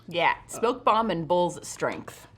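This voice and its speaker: A woman with a lowish voice, sitting in on a tabletop game stream. She talks in a dry, matter-of-fact way. She reads card text out plainly between bits of casual banter. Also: animated, takes it slowly, breathy edge. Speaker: player. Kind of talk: casual chat and reading game cards aloud.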